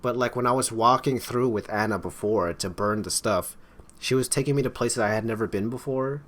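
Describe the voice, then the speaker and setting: A man's voice: mid-range voice, a little fast, fairly bright tone. A man playing through a game, narrating its text and commenting in a casual, stumbling way with wry asides, his throat strained from talking. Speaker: gaming YouTuber.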